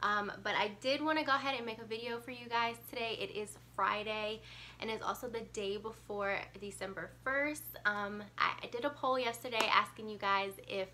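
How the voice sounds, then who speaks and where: A woman's voice: a little high, steady tone, normal speed, bright, forceful tone, slight background noise. A young woman vlogging as a mom, a bit congested from a cold and short of breath, chatting casually with lots of ums and likes. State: congested, getting over a cold. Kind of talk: casual chat to camera.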